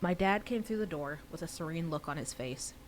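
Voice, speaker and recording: A woman reading her own novel aloud on a livestream, pausing for casual chatty asides. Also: low voice, lively intonation, a little hiss or hum.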